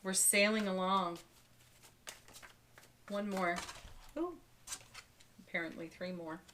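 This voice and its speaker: Gentle woman giving a tarot reading. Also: on the low side, fairly even intonation, measured pace, background noise. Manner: soft, spiritual, gently enthusiastic, laughs often. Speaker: tarot card reader. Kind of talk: daily tarot reading to camera.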